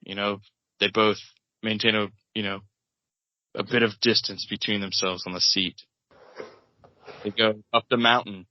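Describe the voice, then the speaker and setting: Low-voiced man rambling through a comic table read. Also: little pitch movement. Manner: rambling, halting, self-interrupting narration. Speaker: podcast co-host and narrator. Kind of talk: improvised comedic table read. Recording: dull, lo-fi, dry podcast mic.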